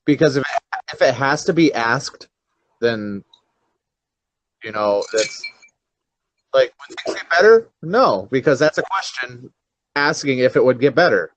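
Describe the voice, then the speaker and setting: A man co-hosting a podcast in casual chat. He speaks haltingly, with many fillers and some swearing. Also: medium pitch, expressive, slight background noise, low-quality recording. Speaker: podcast co-host.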